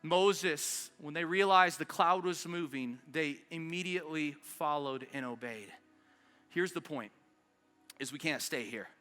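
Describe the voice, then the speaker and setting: A man's voice: fairly high pitch, sharp tone, clean tone, long reverb tail. A man preaching an impassioned sermon as pastor at a church service, urging his congregation forward. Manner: impassioned preaching, urgent rallying calls. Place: church service in South Denver.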